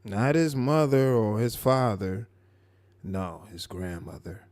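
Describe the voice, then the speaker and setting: A man hosting a live stream, commenting on a clip in a mocking, animated way. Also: fairly low pitch, no room sound. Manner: mocking, animated, drawn-out asides. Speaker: live show host.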